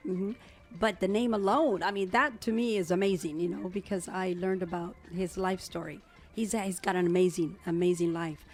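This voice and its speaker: A woman's voice: fairly low pitch, steady tone, normal speed, faint music behind. A woman hosting a talk show, interviewing her guest casually and encouraging him. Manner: warm, encouraging. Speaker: host.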